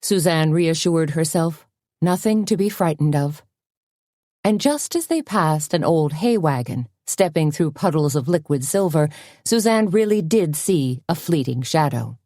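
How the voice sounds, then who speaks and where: A woman narrating a mystery audiobook in an even, measured way. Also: low-pitched, dry recording, studio quality. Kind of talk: scripted narration.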